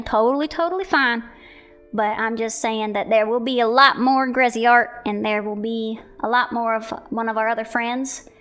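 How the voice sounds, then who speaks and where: A woman's voice: a little high, sharp tone. A young woman streamer chatting casually about viewer art, rambling with giggles and self-corrections. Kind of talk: casual chat.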